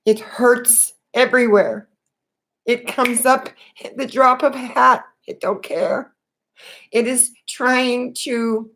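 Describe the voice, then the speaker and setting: A woman talking unscripted about her spiritual awakening, earnest and halting, with many fillers and restarts. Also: fairly high pitch. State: tearful. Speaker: spiritual vlogger.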